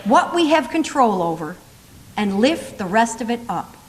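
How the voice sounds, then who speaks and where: Woman doing an old dad, calm and reasoning, high voice, long hall echo. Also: normal speed. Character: stern older Italian father giving calm advice.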